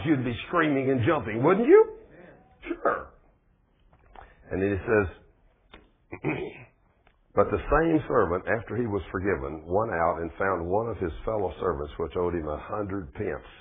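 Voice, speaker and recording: A man's voice: fairly low pitch, breathy edge. A man preaching a folksy sermon, asking his congregation questions. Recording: tinny phone-like radio broadcast.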